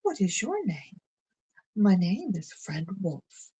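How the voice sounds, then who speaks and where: A scheming storybook wolf, coaxing and falsely friendly, as a woman reads him. The voice is breathy and husky. It moves slowly, with a lively, swooping pitch. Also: full character voice, poor audio. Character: sly, scheming wolf posing as kindly.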